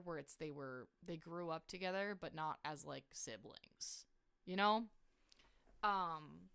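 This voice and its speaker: A young woman rambling excitedly about her story characters on a casual livestream, full of filler words. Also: low voice, smooth. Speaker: streamer. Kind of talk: casual livestream lore chat.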